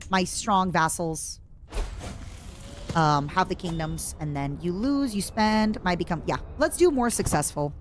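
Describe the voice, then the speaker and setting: Chatty woman streamer with game music. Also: lowish voice. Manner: chatty, self-mocking, bursts into excited shouts. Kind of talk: casual gameplay commentary.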